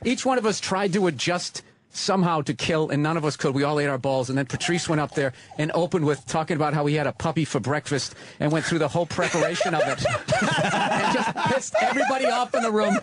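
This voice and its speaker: A male comedian telling profane, animated stories about fellow comics. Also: a little high, fairly quick, a little hiss or hum. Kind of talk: casual anecdote telling.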